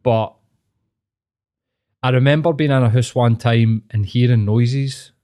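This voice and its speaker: A Glaswegian man chatting on a podcast in a loose, crude, laid-back way, dropping swear words as he tells stories. His voice sits at an ordinary, middle pitch for a man. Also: measured pace, mellow. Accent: Glaswegian Scottish. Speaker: podcast co-host. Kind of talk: casual podcast chat.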